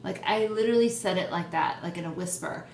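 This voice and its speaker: A young woman hosting her own vlog, chatting excitedly and poking fun at herself. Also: fairly low pitch, fairly quick, creaky. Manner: excitable, chatty, self-deprecating. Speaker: host. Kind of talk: casual vlog chat. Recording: roomy echo, faint background noise.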